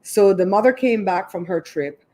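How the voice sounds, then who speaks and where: A woman's voice: medium pitch, moderate pace, dark tone. A woman hosting her own livestream, chatting casually and retelling a neighborhood story with lots of asides. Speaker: show host.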